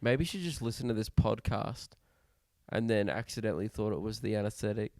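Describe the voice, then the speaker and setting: A man's voice: fairly low pitch, a little fast, a little mellow, no room sound, clean studio sound. A man co-hosting a podcast, chatting casually and teasing his co-host with jokes. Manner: joking, teasing banter. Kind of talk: casual chat.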